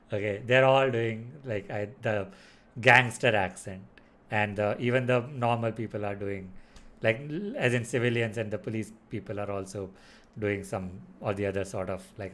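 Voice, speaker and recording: A man's voice: on the low side, steady tone, normal speed, fairly bright tone. A man giving a casual spoken film review, rambling with lots of fillers and restarts. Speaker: movie reviewer.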